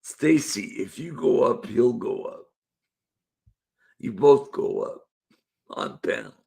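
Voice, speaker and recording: A man's voice: medium pitch, huge pitch swings, slow pace, vocal fry, a little mellow, breathy edge. A man hosting a casual live-stream panel show, laid-back and chuckling as he coaxes guests to join. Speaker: livestream show host.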